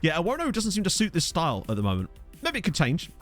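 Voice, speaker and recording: A man talks quickly and chattily to his live chat while he plays a football management game, laughing easily. His voice sits a little high and swoops about with lots of life. Faint music plays under his desk-mic audio. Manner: fast-talking, chatty, laughs often, excitable. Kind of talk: casual live-stream commentary with chat. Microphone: desk microphone.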